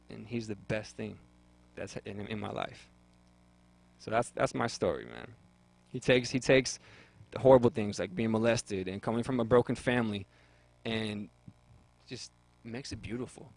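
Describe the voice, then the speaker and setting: A man's voice: fairly low pitch, gravelly, low-quality recording. A young man on a radio talk show, sharing his faith testimony in an earnest way and often repeating words as he looks for them. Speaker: guest.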